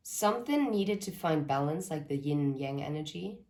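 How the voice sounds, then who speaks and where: A woman with a deep, animated voice and a dark tone reads tarot cards to her viewers at a normal pace. Speaking straight to camera, she earnestly relays spirit messages in a channeled reading, often drifting off into rambling asides.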